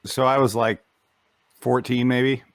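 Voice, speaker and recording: A man co-hosting a podcast, telling a story in a relaxed, hesitant way with frequent "uh"s. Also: mid-range voice, measured pace, no echo. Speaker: podcast co-host. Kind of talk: casual chat, telling an anecdote.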